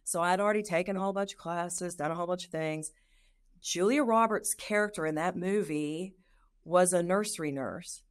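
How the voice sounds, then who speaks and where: A middle-aged woman, a nurse and lactation consultant, telling her career story in an interview, lively and acting out her own past thoughts. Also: on the low side, moderate pace.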